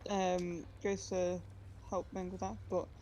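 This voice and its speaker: A woman narrating a tabletop game as game master, hesitant with many pauses and restarts. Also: lowish voice, level tone, vocal fry, mellow, dull audio, a little hiss or hum.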